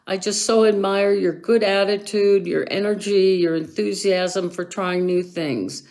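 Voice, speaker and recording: Woman, earnest, affectionate, video birthday greeting, mid pitch. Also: fairly even intonation, a little slow, darkish tone, poor audio. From Colorado, USA. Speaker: friend sending video greeting. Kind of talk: warm personal video message.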